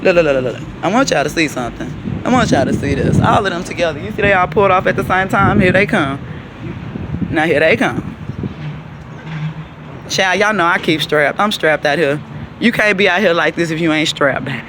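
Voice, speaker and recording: A woman's voice: lowish voice, lively intonation, a little fast, noisy background. A woman, vlogging an emphatic, preachy rant while out on a walk, calling her listeners child and baby. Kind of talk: outdoor rant to camera. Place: outdoors on a city walk.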